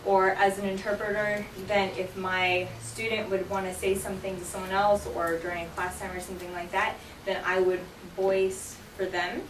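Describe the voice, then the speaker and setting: A woman teaches a classroom full of students, walking them through vocabulary with patient explanations and frequent "okay?" checks. Her voice is picked up from a distance in a roomy, echoing classroom. A faint hiss of background noise runs underneath. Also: mid-range voice. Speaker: sign language teacher.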